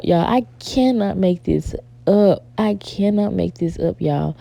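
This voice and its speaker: A young woman vlogger telling a story in a casual chat, animated and exasperated, often calling her viewers "y'all". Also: medium pitch, a little slow, gravelly, no echo.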